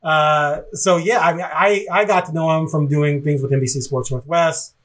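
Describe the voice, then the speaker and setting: A man's voice: on the high side, steady tone, normal speed, fairly bright tone. A man co-hosting a sports podcast, talking in a rambling, reflective way with frequent laughs. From Portland, Oregon area. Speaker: podcast co-host. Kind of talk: casual podcast chat.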